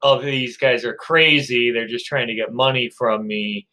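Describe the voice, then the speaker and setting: A man's voice: mid-range voice, steady tone, sharp tone, pitched below the performer's own voice, rough recording. A man doing a wary, skeptical general. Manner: doubtful, measured. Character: wary male army general, weary and skeptical.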